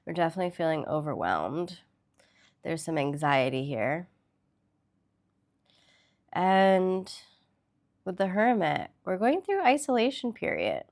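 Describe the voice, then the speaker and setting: A woman's voice: fairly low pitch, sing-song, measured pace, pauses often, darkish tone. A woman hosting a casual tarot reading vlog, chatty and loose, with the odd swear word. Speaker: tarot reader.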